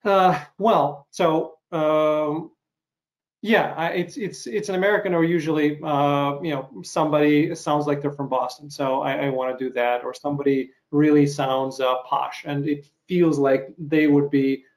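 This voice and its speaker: A man's voice: fairly high pitch, fairly even intonation, a little slow. A man interviewing a guest, who talks about his own auditions in a loose, rambling way, thinking aloud. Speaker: interviewer and actor. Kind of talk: casual interview talk.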